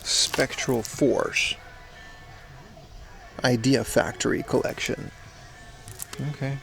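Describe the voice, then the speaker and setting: A livestream host browses a retro game shop during a casual IRL stream, chatting with viewers and reading chat aloud. His mid-range voice is steady, slow, creaky and fairly bright, with faint music behind him.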